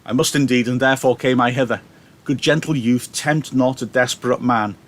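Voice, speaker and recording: A man reads out a reckless young man at the edge of despair, fierce and grieving. He declaims old verse in a plain, mid-pitched voice. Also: steady tone, a little fast, natural voice. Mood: desperate. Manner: theatrical verse reading.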